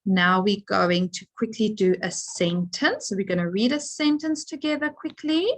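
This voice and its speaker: A woman teacher giving a phonics lesson to young children, sounding out letters and words with slow, careful emphasis. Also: mid-range voice, poor audio.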